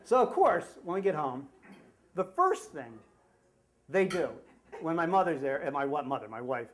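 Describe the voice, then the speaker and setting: A middle-aged American man telling a comic story live at a story slam, acting out the shouted quotes. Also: on the high side, moderate pace, a crowd in the background. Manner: animated, acts out shouted quotes. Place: live venue with audience laughter.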